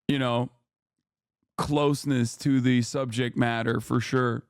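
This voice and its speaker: A man's voice: medium pitch, level tone, slow pace, smooth, dry recording. A man hosting a stream, reacting to political clips with blunt, profane, sarcastic commentary into a close mic.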